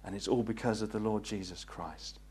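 A man's voice: steady tone, fairly quick, a little mellow, a little hiss or hum. Earnest man preaching a gospel sermon. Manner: earnest, pleading, rising to fervent peaks then dropping low. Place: meeting hall.

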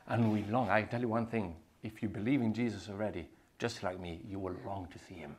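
A man preaching a sermon, swinging between loud proclamations and hushed whispers. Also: lowish voice, quick pace, few pauses, slightly rough.

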